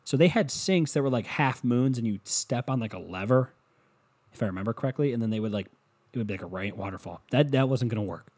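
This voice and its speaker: A young man from Ohio, USA, delivers a long, rambling, profane monologue about his school days, casual and self-mocking. His mid-range voice is expressive and fast with a darkish tone.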